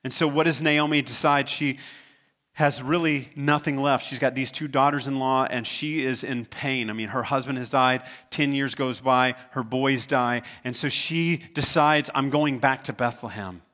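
A man's voice: mid-range voice, steady tone, normal speed, pushed and bright. A man preaching a sermon as pastor. He retells a scripture story in his own conversational words, earnest and stumbling now and then over repeated words.

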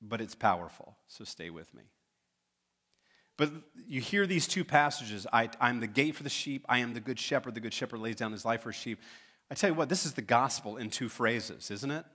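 A man preaching a sermon in a church, talking in a relaxed way and making joking asides to the congregation. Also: mid-range voice, normal speed. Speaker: pastor. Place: church sanctuary.

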